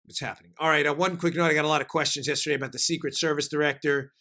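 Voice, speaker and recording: A man hosting a political commentary podcast, talking in an animated, emphatic way with frequent fillers. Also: a little high, racing. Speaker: podcast host.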